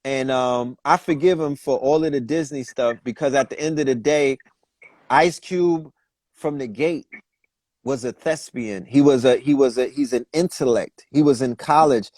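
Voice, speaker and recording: A man's voice: mid-range voice, normal speed, darkish tone, no room sound. A man on a casual podcast, speaking as guest with impassioned, preachy emphasis. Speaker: guest commentator.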